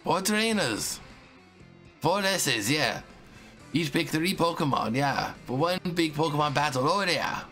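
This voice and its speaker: A man voicing a boisterous masked male luchador showman with a put-on Mexican accent, reading game lines with drawn-out hype calls. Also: fairly high pitch, lively intonation, sharp tone, soft background music. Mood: hammy. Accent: Mexican Spanish, put on. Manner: drawn-out hype announcer calls with "ese" tags. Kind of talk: reading game dialogue aloud in a voice.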